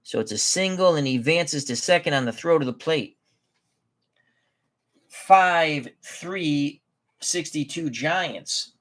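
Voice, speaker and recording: Hosting a game of tabletop baseball, a man whose voice is a little high and a bit bright talks through each play at a relaxed pace, chatting freely and revising what he says.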